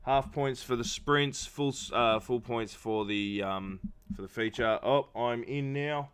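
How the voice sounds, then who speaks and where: A man's voice: mid-range voice, measured pace, a bit bright, smooth. A man doing casual live-stream commentary for an online racing league, talking with many fillers while feeling unwell. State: not feeling well.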